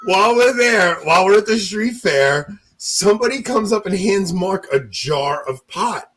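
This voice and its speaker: A man's voice: sits high, measured pace, rough recording. A man on a podcast telling funny stories in casual chat, joking and acting out what others said. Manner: joking, animated, acts out others' lines. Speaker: podcast co-host.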